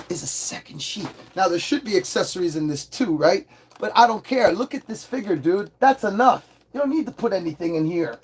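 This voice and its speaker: A man hosting a casual livestream toy review, hyper and excitable, swearing freely as he talks. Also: high-pitched, a little fast, a little hiss or hum.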